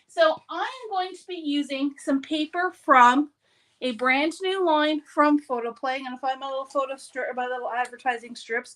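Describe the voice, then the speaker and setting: A woman's voice: high voice, fairly bright tone. A woman hosting a live papercraft demonstration, talking in a chatty, upbeat way and often breaking off mid-sentence. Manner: chatty, upbeat, self-interrupting.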